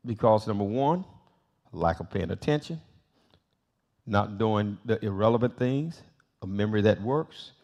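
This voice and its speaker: A man's voice: lowish voice, animated, measured pace, long pauses, darkish tone. An older man, a bishop and pastor, teaching a Bible study in sermon style, telling stories, acting out quoted voices and repeating phrases for emphasis. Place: church sanctuary.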